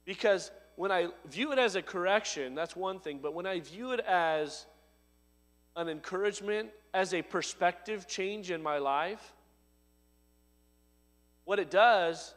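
A man preaching a sermon, his voice swelling to loud emphatic lines and dropping low and soft. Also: a little slow, big-room sound. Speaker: pastor.

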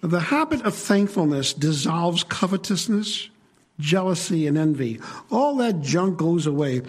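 Guy preaching to his church, kinda husky, chatty, asks the room stuff. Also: a little high, big pitch swings, a little slow. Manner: conversational, asks the congregation questions. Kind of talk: sermon.

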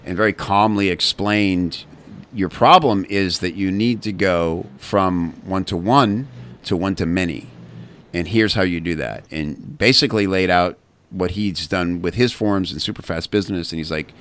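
A man with a very deep voice talks through his story as a guest on an interview show. He speaks candidly, often stopping to restart a thought and filling pauses with "uh" and "you know.". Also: a bit bright, smooth. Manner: candid, halting, many restarts and fillers. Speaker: guest, copywriting community founder.

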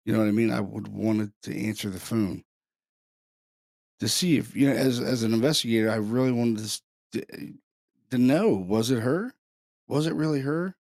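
A man, a podcast host, tells a paranormal experience in a halting, conversational way, repeating words as he goes. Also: medium pitch, gravelly, a little mellow, dry recording, studio quality. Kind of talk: casual storytelling.

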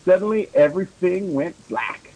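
A man with a high voice reads a story aloud on a podcast. His pitch swings widely as he hams up the dialogue and giggles between lines. The sound has a radio-like podcast tone. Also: animated, moderate pace, mellow, poor audio. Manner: overacts the quoted lines, giggling. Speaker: podcast guest. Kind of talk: comedic dramatic reading.

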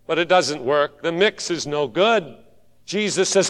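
A man preaching a sermon, swinging from ringing shouted calls down to hushed, pleading tones. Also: a little high, animated, a little slow, long reverb tail.

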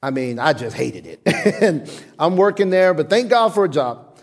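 A middle-aged pastor with a notably high voice preaches with emphatic force. He repeats key phrases over and over and pushes listeners to say lines back to him. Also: very animated, moderate pace. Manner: emphatic preaching with repetition and call-and-response. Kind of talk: sermon.

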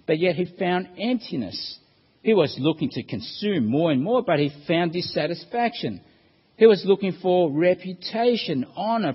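A man preaching a sermon, his slightly husky voice rising and falling with lively expression. He acts out the quotes as he reads them. The sound carries a long hall reverb and a dull, lo-fi tone. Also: a little high.

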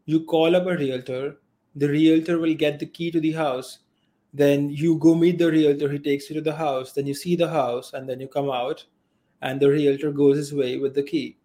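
A man with a fairly high voice co-hosts a podcast in a calm, methodical way. He builds each point out of a concrete example, walking through it step by step. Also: moderate pace. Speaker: podcast co-host. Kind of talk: casual podcast debate.

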